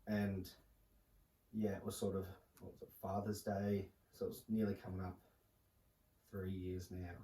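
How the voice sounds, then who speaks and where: A young man, a podcast guest telling a personal story in a halting, soft-spoken way with many fillers. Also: sits low, level tone. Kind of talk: casual podcast conversation. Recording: roomy, distant mic with faint noise.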